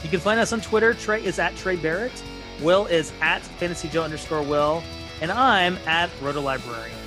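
Upbeat higher-voiced podcast host. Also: male voice, over music. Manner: upbeat, brisk host read of the outro. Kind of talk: casual podcast chat and sign-off.

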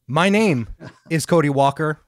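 A man co-hosting a podcast, talking in a casual, excitable way and swearing freely. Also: fairly high pitch, a little slow, no echo, studio quality. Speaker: podcast co-host. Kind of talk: casual chat.

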